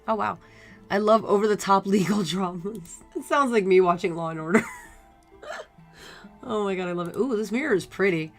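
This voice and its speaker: A young woman live-streaming a cozy game, chatting and laughing as she slowly reads its text aloud. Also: medium pitch, lively intonation, gravelly. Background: faint game music.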